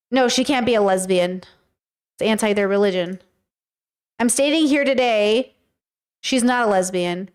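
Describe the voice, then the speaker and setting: A woman's voice: a little high, moderate pace, long pauses, smooth. A woman streamer reacting to videos in casual commentary, incredulous and thinking aloud as she rambles.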